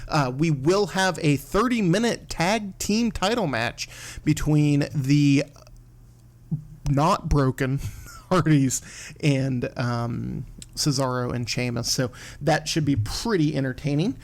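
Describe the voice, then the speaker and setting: A man hosting a casual wrestling podcast from home, animated, swearing and laughing as he acts out what others said. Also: on the high side, takes it slowly. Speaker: podcast host.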